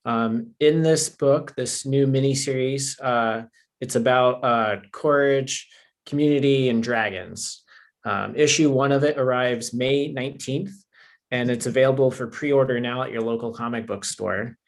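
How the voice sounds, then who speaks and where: A man's voice: mid-range voice, a little slow. A man with a mid-range voice, co-hosting a casual livestream. He reads out comic blurbs at an easy pace. The chat around him is loose and friendly. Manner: relaxed, reads blurbs aloud. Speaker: comics publisher staff co-host.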